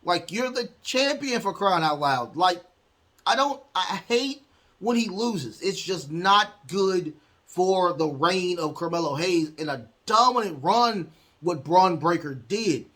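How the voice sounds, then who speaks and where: Rambling man recapping wrestling, higher voice. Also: expressive, slow pace, sharp tone. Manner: rambling, heavy fillers, acts out quotes. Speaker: podcast host.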